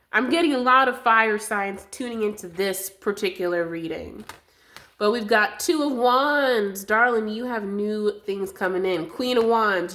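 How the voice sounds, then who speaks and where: A woman's voice: medium pitch, fairly bright tone. A woman doing a collective tarot reading to camera, soothing and affectionate, a little winded. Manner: slow, soothing and affectionate, calls viewers loves and darling. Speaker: tarot reader.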